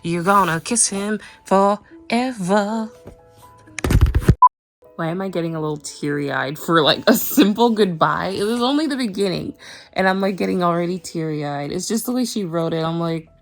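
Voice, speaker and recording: A woman's voice: on the low side, expressive, brisk, creaky, faint music behind. A young woman vlogger reading a book aloud and chatting about it, giggling often and full of emotional asides. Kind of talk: casual read-aloud with commentary.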